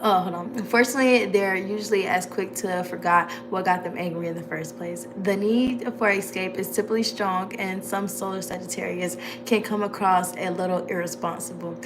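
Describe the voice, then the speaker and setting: A woman's voice: medium pitch, fairly even intonation, moderate pace, hardly any pauses, background noise. Giggly Southern woman reading aloud. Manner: giggly, stumbles over words while reading. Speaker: vlogger. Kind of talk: casual chat, reading aloud.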